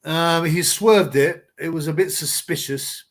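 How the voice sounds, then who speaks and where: A man's voice: fairly high pitch, unhurried. A man hosting a casual live boxing chat, rambling and blunt with slang. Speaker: livestream host.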